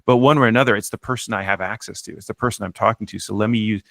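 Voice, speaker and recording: A man being interviewed as an author, telling a story in an animated way and often restarting his sentences. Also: on the low side, very fast, creaky, dry recording. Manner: animated, acts out quotes, frequent restarts. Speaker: author and guest.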